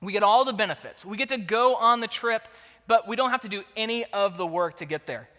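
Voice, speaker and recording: A man, a pastor, telling a lively, self-deprecating story as part of a sermon. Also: sits high, a little fast, in a large hall. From Kansas City area, USA.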